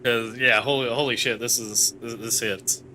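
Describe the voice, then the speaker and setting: Excitable, swearing gaming streamer man. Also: medium pitch, normal speed, a little hiss or hum. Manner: excitable, swears freely, jokey. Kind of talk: live gameplay commentary.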